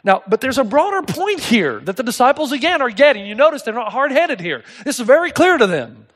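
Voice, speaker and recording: A middle-aged male pastor preaching a sermon, telling stories in an animated way and acting out the voices of people in them. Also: very high-pitched, fairly quick. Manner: animated storytelling, acts out voices in anecdotes.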